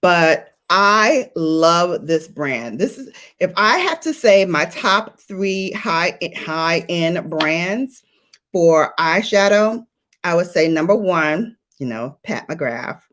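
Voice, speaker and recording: Slow, playful woman chatting on a livestream. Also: lowish voice, expressive, a bit bright. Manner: playful, chatty, addressing viewers by name. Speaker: beauty livestream host. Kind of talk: casual livestream chat.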